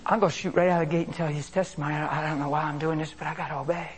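A man preaching a sermon with animated delivery, swinging between loud exclamations and hushed asides. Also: fairly high pitch, rapid-fire, slight background noise.

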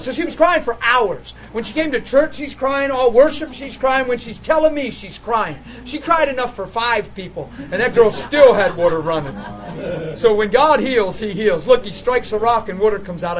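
A man preaching a sermon, telling a healing story with laughter and sudden excited jumps in his voice. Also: moderate pace, low-quality recording. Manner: animated storytelling, laughing, voice jumping high when excited.

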